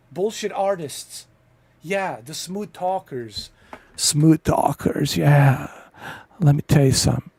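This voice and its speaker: A man's voice: sits high, a little mellow, breathy edge. Profane rambling male gaming host. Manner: profane, blunt, rambling with many fillers. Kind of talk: casual rant over gameplay.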